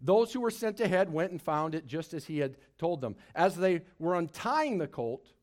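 High-voiced man preaching with dramatic swings. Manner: expressive preaching, big swings in loudness and pitch, drawn-out dramatic phrases; playful asides to the congregation. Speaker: pastor. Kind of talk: sermon. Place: church service before a congregation.

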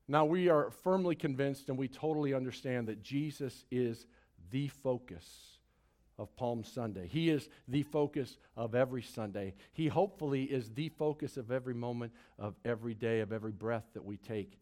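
A man preaching a Sunday sermon to a congregation, swinging between loud, drawn-out emphasis and hushed lines, with playful asides. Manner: expressive preaching, big swings in loudness and pitch, drawn-out dramatic phrases. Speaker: pastor. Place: church service before a congregation.

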